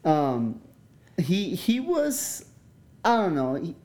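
A young man chats on a podcast in a mellow, warm tone. He rambles and hedges as he talks, full of slang. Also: on the high side, wildly swooping pitch, slow. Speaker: podcast co-host. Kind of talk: casual chat.

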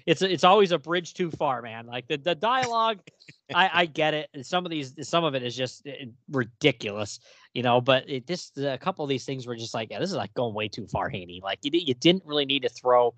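A man co-hosting a comic book podcast in a somewhat high, very lively voice. He sounds exasperated and animated, and he slips into character voices to read panel dialogue. The sound is dry and close to the mic. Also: a little fast, no echo. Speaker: podcast co-host.

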